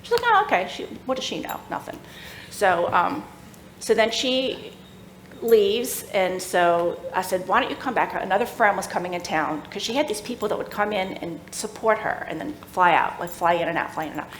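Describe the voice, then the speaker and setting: A woman's voice: medium pitch, normal speed, slight background noise. Middle-aged woman telling a church story, echoey. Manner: animated, laughs while telling, acts out quoted voices. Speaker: workshop speaker. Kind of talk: personal testimony storytelling. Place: church room. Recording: echoey room with faint ambience.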